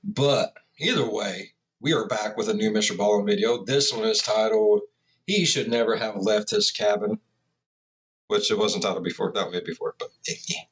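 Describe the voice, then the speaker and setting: On poor audio, a man with a fairly low voice hosts a reaction video at a normal pace. He talks casually between clips, joking around, rambling and laughing often.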